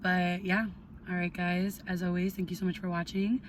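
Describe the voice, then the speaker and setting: A young adult woman telling a casual storytime on her vlog, animated, swearing freely and peppering her talk with "like". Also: on the low side, normal speed, slight background noise. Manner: animated, heavy swearing, lots of "like". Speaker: vlogger.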